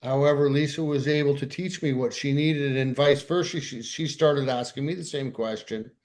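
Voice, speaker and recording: A man's voice: medium pitch, moderate pace, darkish tone. A man co-hosting a podcast, telling a candid, self-deprecating story in casual conversation. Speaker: podcast co-host.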